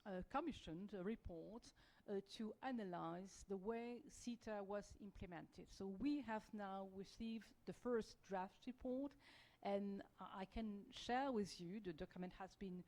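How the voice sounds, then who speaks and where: A woman's voice: medium pitch, unhurried, warm tone, low-quality recording. A woman with a French accent speaking as an EU diplomat on a panel, hesitant, with many fillers and restarts. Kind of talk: panel discussion.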